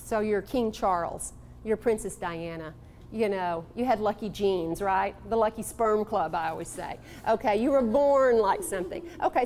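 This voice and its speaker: A woman from Texas giving a live motivational talk to an audience, animated and coaxing, calling on people in the room. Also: mid-range voice, slight background noise. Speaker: motivational speaker.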